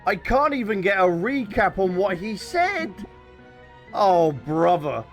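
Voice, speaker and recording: A young man commentating his own gameplay in a high-pitched, excitable voice. He rambles and restarts sentences, with faint music playing beneath him. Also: slow pace. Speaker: gaming streamer.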